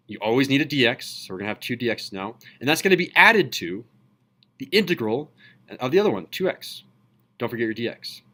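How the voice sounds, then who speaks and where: A man's voice: medium pitch, fairly bright tone. Male teacher, mid-range voice, enthusiastic classroom lecture, quizzes the room as he goes. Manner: enthusiastic, asks students questions. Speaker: high school math teacher.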